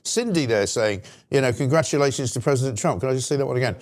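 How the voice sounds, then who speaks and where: Sarcastic ranting British talk host. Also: male voice, mid-range voice, expressive, fast. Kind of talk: opinionated political commentary.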